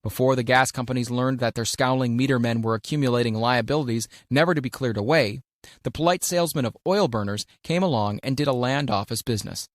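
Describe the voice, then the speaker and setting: A man reading an audiobook aloud in a measured, deliberate way, leaning hard on key words. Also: mid-range voice, no room sound, studio quality. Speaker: audiobook narrator. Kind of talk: scripted audiobook narration of a self-help classic.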